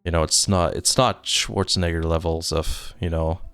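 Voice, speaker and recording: A man's voice: low-pitched, fairly even intonation, moderate pace, fairly bright tone, clear, resonant tone, faint music behind. A man from Germany, a native German speaker, chatting casually on a live stream, reading viewer comments aloud and rambling self-deprecatingly with frequent chuckles. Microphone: desk microphone.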